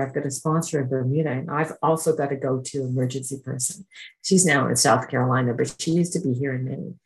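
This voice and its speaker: A woman with a low-pitched voice gives a personal testimony at a recovery meeting. She talks in an earnest, conversational way and slips into the voices of people in her stories as she tells them. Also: rough recording. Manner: earnest, conversational storytelling that acts out quoted exchanges. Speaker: speaker sharing her recovery story.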